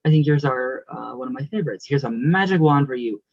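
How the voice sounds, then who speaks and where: A man's voice: mid-range voice, animated, fairly quick, gravelly, no echo, highs cut off. A young man hosting his channel, reading out viewer comments in a casual, affectionate, emotional way with frequent laughs.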